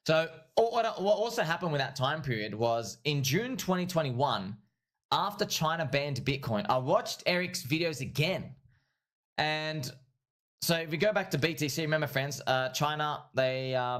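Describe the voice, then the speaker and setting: Excitable man streaming crypto chart talk. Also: mid-range voice, normal speed. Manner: excitable and repetitive, keeps calling the audience friends; laughs at his own points. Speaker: livestream host and crypto trader. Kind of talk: casual livestream chart commentary.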